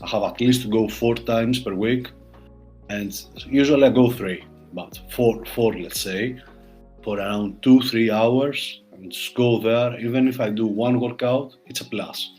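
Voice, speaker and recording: A man from Greece, a Greek speaker using English, talking animatedly as a podcast guest and mimicking his inner critic in a higher voice. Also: a little slow, darkish tone, faint music behind. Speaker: surgeon. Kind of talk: casual podcast conversation.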